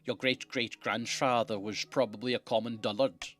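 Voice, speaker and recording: A man voicing a sneering male noble lord with a Dutch accent, talking in a slow, haughty drawl. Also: medium pitch, fairly even intonation, fairly bright tone, close to an everyday voice.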